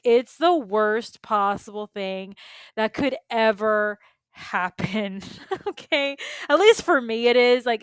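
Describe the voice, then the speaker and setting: A woman's voice: medium pitch, clean tone, no echo. A middle-aged woman hosting her own podcast, casually and animatedly telling a personal story with lots of fillers and asides. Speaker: podcast host and beauty business coach.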